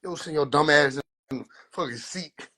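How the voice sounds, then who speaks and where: A man's voice: fairly high pitch, normal speed. A young man telling a rambling, profane story on a phone live stream, acting out the other voices. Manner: animated, acts out quoted voices, slangy, profane. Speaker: livestreamer. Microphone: phone mic.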